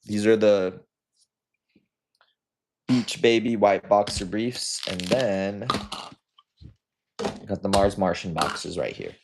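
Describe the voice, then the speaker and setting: A man's voice: on the low side, slow pace, pauses often, noisy background. A young man hosting a livestream, casually reading viewer comments aloud and chatting back to them. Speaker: livestream host.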